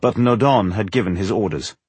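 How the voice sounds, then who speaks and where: A man narrating a fantasy audiobook in an expressive storytelling manner, with a husky voice. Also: on the low side, a little fast, dry recording.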